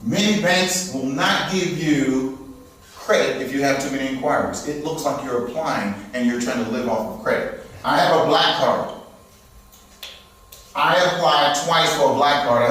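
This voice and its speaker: A man's voice: on the high side, a bit bright. A man teaching a live credit repair class, checking in with the audience after nearly every point. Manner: checks in with frequent "okay?" and "all right?". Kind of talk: live seminar lecture. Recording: very echoey room, from far off.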